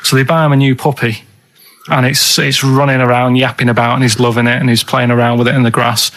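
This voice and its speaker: Co-host, man; deadpan, meandering storyteller. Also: mid-range voice, fast talker. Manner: rambling, matter-of-fact storyteller. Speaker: regular co-host. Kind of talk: casual radio chat.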